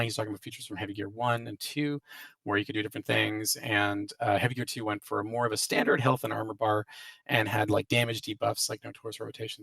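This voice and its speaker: A man's voice: on the low side, gravelly, fairly bright tone, no room sound. A man hosting a casual Q&A as a game developer, hedging with many restarts and fillers, his audio glitchy and robotic. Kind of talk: casual live Q&A, reading out and answering questions. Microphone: voice chat call. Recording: dry, distant, robotic-sounding voice chat audio.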